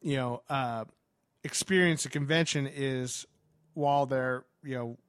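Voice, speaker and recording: A man excitedly telling a story in casual chat, animated, with lots of fillers and restarts. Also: medium pitch, a little slow, smooth, dry recording, studio quality.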